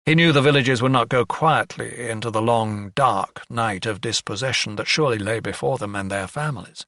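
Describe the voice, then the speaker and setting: Bright, dry-voiced male narrator. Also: mid-range voice, fairly quick, dry recording. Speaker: audiobook narrator. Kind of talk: scripted narration.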